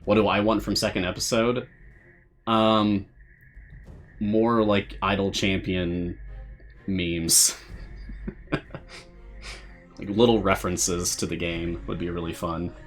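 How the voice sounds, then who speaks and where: A man's voice: sits low, slow, pauses often, soft background music. A man hosting a live game stream, chatting casually and answering viewer questions with frequent laughs. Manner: relaxed, chatty, laughs often.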